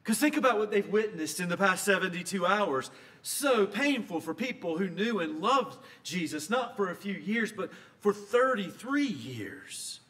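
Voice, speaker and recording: Guy giving a sermon, kinda high voice, goes quiet then punches up. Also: expressive, measured pace. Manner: storytelling, swings between soft and emphatic. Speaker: preacher.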